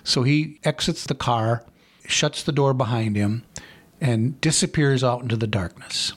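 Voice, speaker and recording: A male podcast host spinning a spooky campfire story. He lets the tension build slowly, dropping his voice for the eerie moments. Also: mid-range voice, slightly rough. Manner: dramatic, suspenseful.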